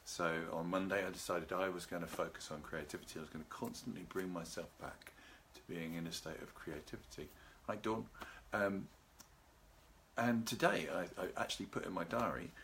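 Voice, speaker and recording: Deep-voiced man hosting a calm talk. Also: vocal fry, slight background noise. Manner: calm, unhurried, greets live viewers by name. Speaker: seminar host. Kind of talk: live video talk on relaxation. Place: at home with a garden behind.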